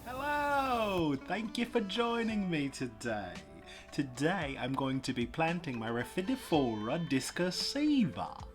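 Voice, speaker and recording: A man putting on a lofty, high-pitched posh voice. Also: very animated. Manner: slow, lofty, put-on foreign accent. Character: affected, posh-sounding man trying to seem clever. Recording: background music.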